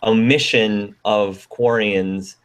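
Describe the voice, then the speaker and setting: A man's voice: on the low side, slow pace. A man hosting a casual online panel chat, handing out turns to speakers. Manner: relaxed, moderating turns. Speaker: host.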